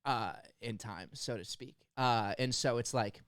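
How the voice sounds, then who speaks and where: A young man from the United States hosting a music reaction, talking in an earnest, halting way and near tears as he breaks down a song. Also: mid-range voice, fairly bright tone, clear, resonant tone, no echo, clean studio sound. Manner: earnest, halting, stumbles over words. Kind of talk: emotional song analysis.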